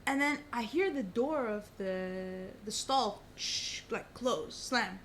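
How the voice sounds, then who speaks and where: A young woman, a podcast guest, telling a story in casual chat, animated and swearing often. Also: mid-range voice, slow, slight background noise. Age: young adult. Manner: animated, swears a lot, says "bro" often.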